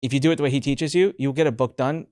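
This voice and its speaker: Upbeat podcast host, dry close sound. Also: male voice, medium pitch, fast talker, smooth, no room sound. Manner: energetic and upbeat, addresses listeners directly. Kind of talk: casual podcast interview.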